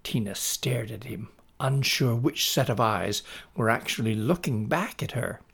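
A man reading a story aloud in a slow, deliberate way. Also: medium pitch, vocal fry, a bit bright, husky. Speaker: narrator.

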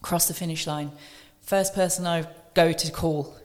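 A woman's voice: low voice, moderate pace, long reverb tail. Emotional woman telling a race story. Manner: animated, quoting others in dialogue, emotional. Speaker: podcast guest.

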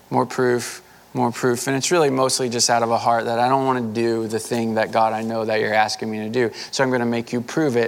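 A man's voice: medium pitch, creaky. A man, a pastor, giving a conversational sermon with a folksy, casual manner and frequent filler words.

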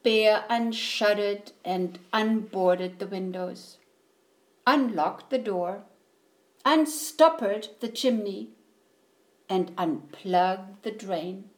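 A woman reading a children's storybook aloud with gentle, expressive phrasing. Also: medium pitch.

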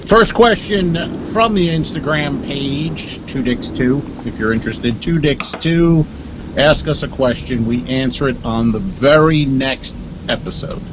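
A man's voice: mid-range voice, animated, a little slow, noisy background. A man co-hosting a comedy podcast, telling stories in a dry, rambling way with lots of asides. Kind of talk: casual comedic chat. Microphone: earpiece at a desk.

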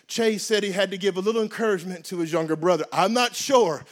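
A male preacher with a notably high voice, delivering a sermon as a comic, animated story. He breaks into shouts now and then and keeps the delivery loose and conversational. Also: fast talker.

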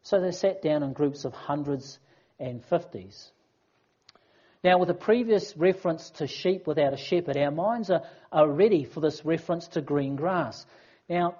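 A preacher delivers a sermon in a chatty, lively way, acting out little asides along the way. The voice is husky and breathy. The recording sounds dull and muffled, with little top end. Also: medium pitch. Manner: conversational, expressive preaching with acted asides.

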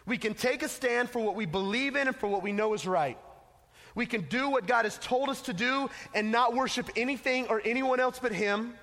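A man's voice: extremely high pitch, moderate pace, a bit bright. A man preaching a casual, emphatic sermon to teenagers as a youth pastor, telling a story, in an echoey hall.

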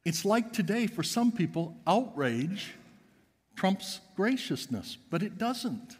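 A pastor delivering an emphatic sermon in a church, swinging between loud and hushed. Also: male voice, high-pitched, very animated, slow, slightly rough, big-room sound. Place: church sanctuary.

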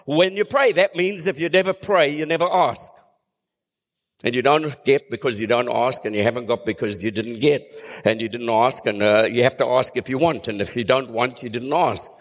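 Pastor, male, fairly high voice, animated sermon delivery, long hall reverb. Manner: animated, swooping between low hushed and high exclaiming tones.

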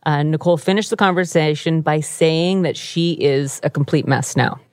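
A woman's voice: sits low, moderate pace, a little mellow, smooth, dry recording. A woman hosting a true crime podcast, telling the story in a wry, easygoing way from a radio studio. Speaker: podcast host.

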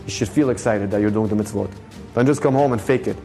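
A man's voice: fairly low pitch, quick pace, mellow, soft background music. A man giving a short recorded Torah lesson as a rabbi, speaking emphatically, repeating his points and using Hebrew terms.

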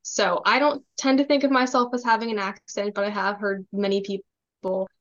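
Young woman from minnesota chatting on a podcast, friendly and even, bit of a dull lo-fi sound. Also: mid-range voice, normal speed. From Minnesota, USA. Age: 20s. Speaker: guest, government relations assistant. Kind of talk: casual podcast interview.

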